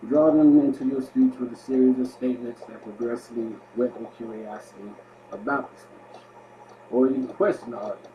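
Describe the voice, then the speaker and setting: A man presenting a lesson from his notes, loud on each heading and trailing off quietly at the ends of sentences. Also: mid-range voice, steady tone, a little fast, dull audio. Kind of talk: reading study notes aloud as a video presentation. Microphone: webcam microphone.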